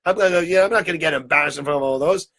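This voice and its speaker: A proud, stubborn defendant who insists over and over that he won't break, played by a man telling the story. His voice lifts a little higher and firmer than plain speech. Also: rapid-fire, a bit bright. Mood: defiant. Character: defiant man defendant refusing to cry.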